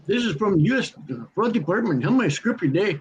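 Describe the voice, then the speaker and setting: A man's voice: sits high, animated, fast talker, husky, voice pushed up, heavily acted, poor audio. A man putting on the voice of a fake phone scam caller, mock-formal and mischievous.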